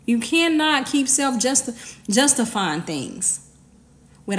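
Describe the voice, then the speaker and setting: Emphatic woman preaching, high voice. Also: animated, unhurried. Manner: emphatic, repetitive, conversational with slang. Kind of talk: informal sermon.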